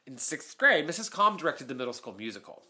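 Bright, chatty man podcast host. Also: fairly high pitch, sing-song, quick pace. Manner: chatty, theatrical, swears freely. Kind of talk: casual chat.

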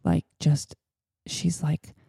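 A woman's voice: extremely slow, mellow, dry recording, clean studio sound. A woman hosting a podcast, telling a personal story in a chatty, rambling way. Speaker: podcast host. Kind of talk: casual storytelling.

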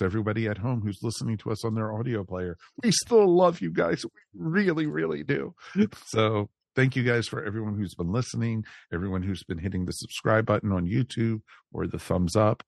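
A man's voice: on the low side, steady tone, normal speed, no room sound, studio quality. A man hosting a podcast, chatting in an upbeat way with lots of fillers. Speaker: podcast host. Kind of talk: casual chat.

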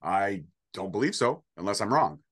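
A man's voice: fairly low pitch, sing-song, normal speed. A man co-hosting a casual wrestling prediction show, joking and rambling with sarcastic asides. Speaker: podcast co-host.

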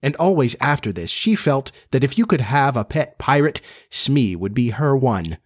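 A man narrating a children's storybook in a steady, measured reading voice. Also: medium pitch.

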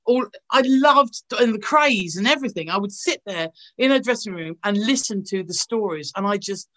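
Gushing actress telling stories. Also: female voice, medium pitch, expressive, normal speed, fairly bright tone. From England. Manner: gushing, anecdotal storytelling. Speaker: actress guest. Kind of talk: casual interview over video call. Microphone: video call.

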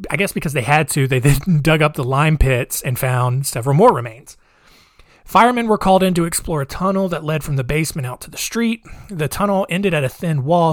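Brief: relaxed male podcast storyteller, slightly high voice, dry sound, wry asides. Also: dry recording. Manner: hesitant, many fillers and restarts, wry. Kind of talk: casual true-crime storytelling.

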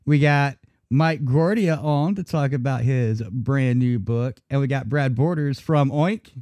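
A man's voice: medium pitch, unhurried, dark tone, no room sound. Man, radio show host, casual, chatty, dry close sound. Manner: loose, laughing, chatty. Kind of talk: casual live radio chat.

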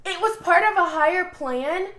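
A woman co-hosting a casual podcast, talking in an animated, swearing way while she has the hiccups. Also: very high-pitched, moderate pace. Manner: animated, swearing, laughs while telling news. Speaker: podcast co-host. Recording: echoey room.

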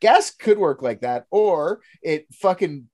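A man's voice: fairly high pitch, expressive, takes it slowly, a little mellow. A man co-hosting a casual podcast, ranting in a heated, profane way about how people should be treated. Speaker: podcast co-host. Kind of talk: casual true-crime chat.

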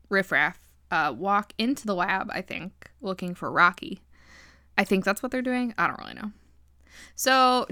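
A woman's voice: fairly low pitch, vocal fry, pushed and bright, no room sound, clean studio sound. A woman hosting a podcast, casually recapping a movie in a rambling, profane, giggly way.

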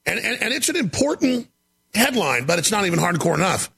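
A man hosting a talk show, delivering an emphatic, ranting monologue with a gravelly voice. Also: high-pitched, very animated, brisk. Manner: gravelly, shouting, emphatic rants.

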